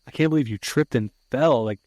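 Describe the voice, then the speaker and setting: A man's voice: medium pitch, fairly quick, darkish tone, dry recording, natural voice. A man doing a cowardly young guy faking remorse. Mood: fake sorry.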